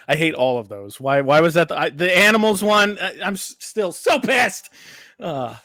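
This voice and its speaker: A man's voice: fairly high pitch, expressive, normal speed, bright, forceful tone, no room sound, studio quality. A man co-hosting a casual podcast, teasing his partner while running the timer of a quiz game. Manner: teasing, runs the timer like a quizmaster. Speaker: co-host.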